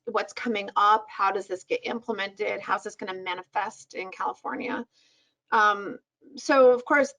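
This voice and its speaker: A woman's voice: mid-range voice, a bit bright. A woman presenting a policy report on a webinar over a video call, speaking conversationally with fillers.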